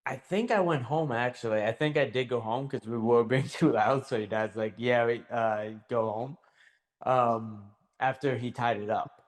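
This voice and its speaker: A man co-hosting a podcast in relaxed conversation, with a voice of middle pitch. He recalls details carefully and builds each point step by step. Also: normal speed, hardly any pauses. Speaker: podcast co-host. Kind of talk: casual chat.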